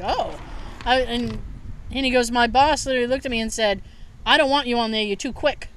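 A woman hosting a podcast, telling a family story in casual chat, animated and swearing freely with frequent laughter. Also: fairly high pitch. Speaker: podcast host.

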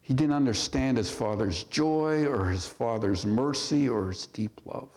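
Unhurried and darkish in tone, a male pastor's mid-range voice reads scripture and asks rhetorical questions of his congregation. The sermon is recorded in a church sanctuary with long reverb.

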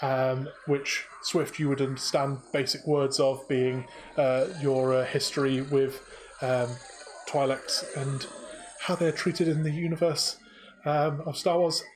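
Slow, halting male game master. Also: medium pitch, level tone, slight background noise, rough recording. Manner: halting, lots of fillers. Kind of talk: narrating a tabletop game.

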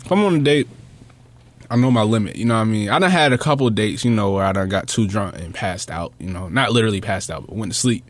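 A man's voice: lowish voice, fast talker, no echo. A young adult man co-hosting a podcast, talking in loose, laid-back slang and swearing often. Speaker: podcast co-host. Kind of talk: casual banter.

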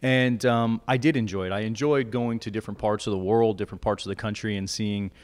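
A man's voice: lowish voice, fairly even intonation, fairly quick. A middle-aged man hosting a podcast, chatting casually in a rambling, nostalgic, self-mocking way. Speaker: podcast host. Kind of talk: casual chat.

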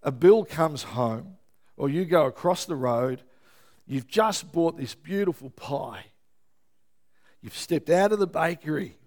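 A man preaching a sermon as pastor, lively and often checking in with his listeners. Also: a little high. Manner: lively, keeps checking in with the congregation.

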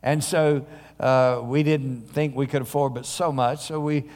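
A male pastor preaching a sermon in a church, telling stories in a conversational way with frequent pauses. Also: medium pitch, fairly even intonation, a little mellow. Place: church sanctuary. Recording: long hall reverb.

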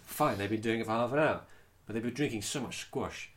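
Low dude, chatty and giggly, playing along in an improv comedy podcast. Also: male voice, a bit bright. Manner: chatty, quick to laugh, playing along with mock seriousness. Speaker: co-host playing the hero of the scenario.

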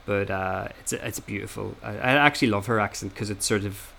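A man's voice: lowish voice, steady tone, a little fast, creaky, sharp tone, a little hiss or hum. Chatty man explaining with many ums. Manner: explanatory, hesitant, many fillers. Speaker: podcast host. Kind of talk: casual chat.

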